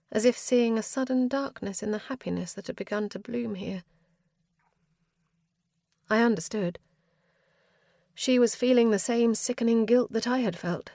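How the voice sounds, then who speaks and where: A woman's voice: mid-range voice, a little mellow, dry recording. Female fantasy audiobook narrator, earnest, grief-laden, dry close mic.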